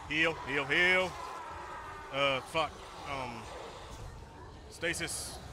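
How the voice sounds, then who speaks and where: A man's voice: a little high, extremely slow, noisy background. A man doing let's-play gaming commentary, joking and sarcastic, swearing freely. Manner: jokey, profane, sarcastic.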